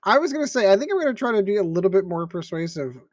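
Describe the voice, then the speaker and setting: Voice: medium pitch, sing-song, very fast, a little mellow, dry recording. Tabletop player, giggly, laughs mid-sentence, dry close sound. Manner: giggly, laughs while talking. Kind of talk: casual tabletop play.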